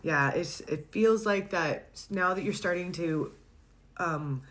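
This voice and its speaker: Woman, low voice, casual tarot reader, chatty, laughs a lot. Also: a little slow. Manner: chatty, warm-hearted, laughs often, searches for words.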